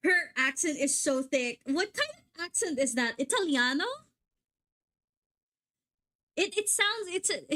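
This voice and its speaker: A young woman livestreaming a game, chatting excitedly and swearing casually at her gear. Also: high voice. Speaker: VTuber streamer.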